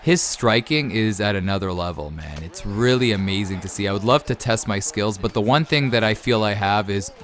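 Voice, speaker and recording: A man's voice: lowish voice, moderate pace, hardly any pauses, a bit bright. A man in his thirties hosting his gaming channel, answering viewer questions in a chatty, enthusiastic way and often tacking on "man". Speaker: YouTube gaming channel host. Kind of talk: casual Q&A chat to viewers.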